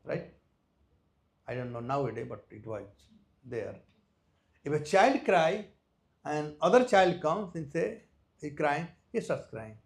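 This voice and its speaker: A man with an Indian accent giving a devotional lecture, telling a story with loud stresses and soft drops and nonstandard English grammar. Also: a little high, lively intonation, slow pace, pauses often. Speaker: visiting speaker at a temple.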